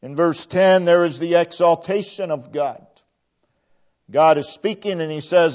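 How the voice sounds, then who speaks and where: A man preaching a sermon, slow and emphatic, his phrases often falling away to a quiet close. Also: fairly high pitch. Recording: dull lo-fi recording.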